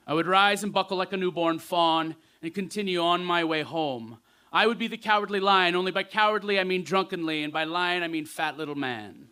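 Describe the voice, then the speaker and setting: A man performing spoken word poetry live on a festival stage, with rhythmic delivery and pointed pauses, into a stage microphone. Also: high-pitched, bright, forceful tone, clear, resonant tone.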